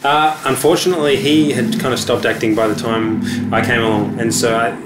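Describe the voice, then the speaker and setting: A man's voice: medium pitch, fairly even intonation, a little fast, very noisy. Hesitant young man, echoey room. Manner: hesitant, many fillers and restarts. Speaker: musician guest. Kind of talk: casual interview chat. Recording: echoey room with faint ambience.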